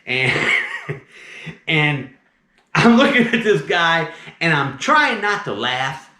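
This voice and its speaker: Man, slight Southern accent, storytelling, fairly high pitch, echoey room. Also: slow pace. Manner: animated, chatty, keeps saying "right?" and "mind you". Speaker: snake removal operator. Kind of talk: casual storytelling. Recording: roomy echo.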